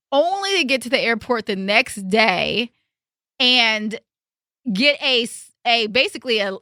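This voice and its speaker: A young woman hosting a podcast, telling a story in a casual, animated and emphatic way, with some swearing. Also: a little high, dry recording, clean studio sound. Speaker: podcast host.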